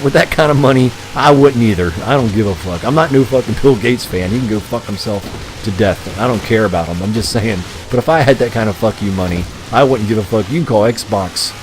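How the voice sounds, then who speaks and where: A man's voice: medium pitch, low-quality recording. A man live-streaming a racing game, rambling and ranting crudely to his chat with frequent swearing and chuckles. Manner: profane, ranting, chuckling often.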